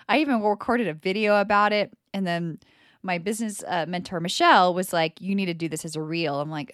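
A woman in her thirties hosting a spiritual self-help podcast, talking candidly and with a lot of swearing, acting out her own past words in lively voices. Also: medium pitch, moderate pace, no room sound, studio quality. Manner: candid, profane and animated, quoting herself in lively voices. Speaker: podcast host.

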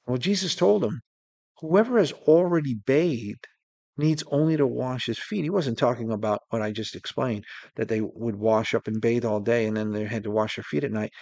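A male preacher delivers a sermon in an earnest, steady voice. He slows right down on the words he wants to land. His mid-range voice sounds dry and close, with no room echo. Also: medium pitch.

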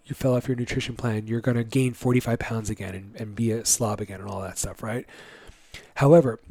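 A man's voice: mid-range voice, mellow, dry recording. A man hosting a fitness podcast for dads, talking casually with lots of fillers and acting out his own inner voice. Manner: keeps checking in with "right?". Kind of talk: solo podcast pep talk.

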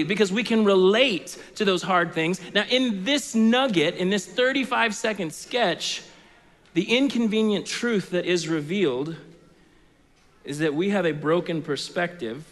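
Man, pastor, middle-aged, high voice, chatty storytelling sermon, fillers, long hall reverb. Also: fairly bright tone. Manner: conversational storytelling with many fillers.

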